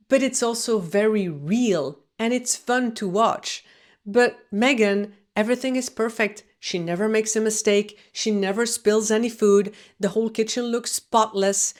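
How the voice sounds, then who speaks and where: A woman at mid pitch, talking unhurriedly as she comments on video clips. She comes across as a communication coach, and each point is measured and deliberate.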